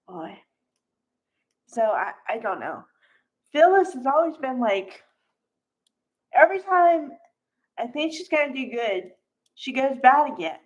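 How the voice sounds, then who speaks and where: A woman's voice: high voice, very animated, measured pace, pauses often. A woman casually recapping a soap opera for her viewers, chatty and full of fillers and asides. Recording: dull lo-fi recording.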